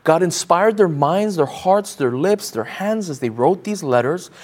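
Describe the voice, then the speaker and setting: A man's voice: sits high, lively intonation, unhurried, darkish tone. A man preaching a sermon as pastor, emphatic, repeating phrases and asking the congregation pointed rhetorical questions.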